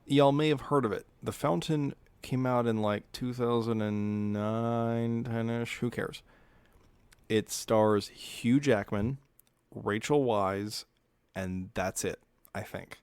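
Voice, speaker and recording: A man's voice: medium pitch, steady tone, slow pace, darkish tone, smooth, no room sound. A man co-hosting a podcast in casual chat, offhand and thinking aloud as he goes. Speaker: podcast co-host.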